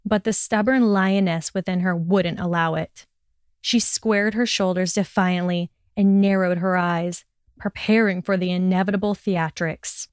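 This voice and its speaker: Female narrator for fiction: steady, expressive, smooth and dry. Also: lowish voice, unhurried, dry recording. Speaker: audiobook reader.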